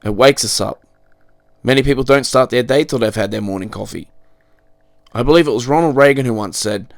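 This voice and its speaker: A man reviews a cleaning machine with dry, cheeky humor, landing innuendo jokes in a matter-of-fact tone. His voice sits at an ordinary middle pitch. The recording is close and dry, with little room sound. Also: a little fast, vocal fry, pauses often, no room sound. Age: adult, married. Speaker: product reviewer. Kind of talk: comedic product review.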